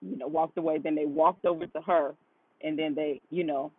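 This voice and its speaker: Husky and low, the woman's voice keeps a fairly even intonation at a normal speed, on a dry recording through a tinny, phone-like line. She is a podcast guest telling a story conversationally, with plenty of fillers and quoted dialogue.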